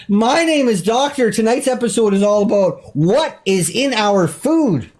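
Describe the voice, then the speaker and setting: A man hosting a comedic call-in talk show, loud and excitable, often shouting. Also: high voice, a little slow, few pauses.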